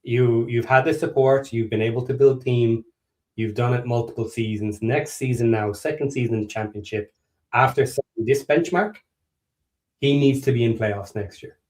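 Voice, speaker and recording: A man's voice: mid-range voice, normal speed, a little mellow. Earnest man breaking down football plans. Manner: earnest, analytical, repeats words as he thinks. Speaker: podcast co-host. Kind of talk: casual football talk.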